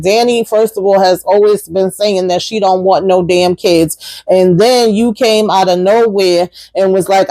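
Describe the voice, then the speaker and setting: A woman hosting a casual TV episode recap, talking in an animated, sassy way and swearing offhandedly. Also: mid-range voice, no room sound, rough recording.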